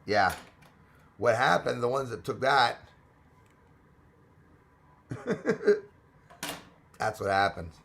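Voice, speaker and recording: A man's voice: medium pitch, extremely slow, creaky, pauses often, fairly bright tone, a little hiss or hum. A man hosting a casual live stream, chatting with viewers, greeting them by name and laughing often. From Australia.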